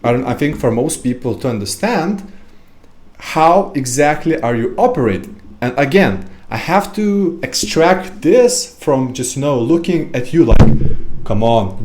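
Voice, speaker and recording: A man's voice: on the high side, darkish tone. A man hosting a podcast in a casual monologue, sarcastic and rambling with many fillers. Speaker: podcast host.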